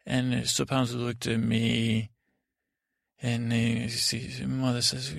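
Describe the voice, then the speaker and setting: A man telling a rambling, in-character bedtime story on a podcast, halting and meandering, with many stammers and restarts. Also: mid-range voice, monotone, creaky, no room sound, clean studio sound.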